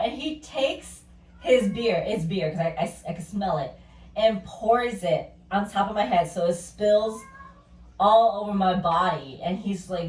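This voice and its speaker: A woman in her thirties tells blunt, profane stories in casual chat, leaning hard on filler words. Her pitch sits mid-range for a woman. She is picked up from a distance in an echoey room, with faint ambient noise behind her. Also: measured pace, darkish tone. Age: 30s. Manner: blunt storytelling, heavy swearing and "like" fillers. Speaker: podcast co-host. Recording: roomy echo from a distant mic with faint ambience.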